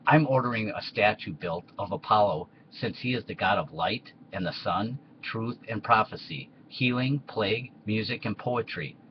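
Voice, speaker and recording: Emperor Vespasian, as a man reads him, bossy and low. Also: moderate pace, hardly any pauses, highs cut off, a little hiss or hum, natural voice. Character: Emperor Vespasian, boastful cruel Roman ruler.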